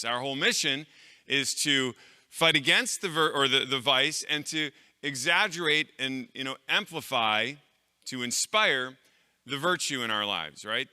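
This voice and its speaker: A man's voice: fairly high pitch, bright, forceful tone, smooth, long reverb tail. A middle-aged man giving a live talk to an audience of clergy, conversational and anecdotal, with fillers and restarts. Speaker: conference speaker.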